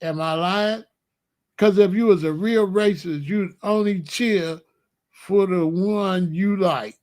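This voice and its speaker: In a slow, slightly mellow delivery, a show host with a higher-pitched voice riffs through a loose comic monologue. Rhetorical questions keep coming, broken up by his chuckling asides.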